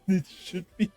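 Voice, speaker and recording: Brief: lively, giggly streamer with a bouncy, wide-ranging voice; talks slowly into a dry, close mic. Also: medium pitch, breathy edge, dry recording. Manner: giggly and animated, laughs often. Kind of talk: casual live game stream chat. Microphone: streaming microphone.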